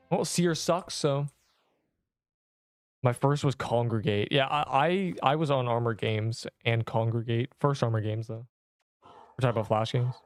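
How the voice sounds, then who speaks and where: A young man in his twenties talks through a game livestream, answering chat in a loose, rambling, slangy way full of restarts. His voice sits at an ordinary middle pitch, with faint game music underneath. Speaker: game streamer.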